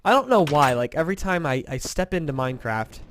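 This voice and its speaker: His voice is a little high, bright, and expressive, moving at a quick pace over a faint hiss or hum. The Indiana gamer casually rambles through a let's-play, mocking himself, tired and yawning from too little sleep.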